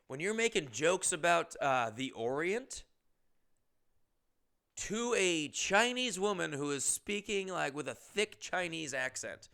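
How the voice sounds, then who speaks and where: A man's voice: a little high, animated, unhurried, pushed and bright, smooth. A young man hosting a comedy podcast, telling stories casually, rambling and profane, and often interrupting himself.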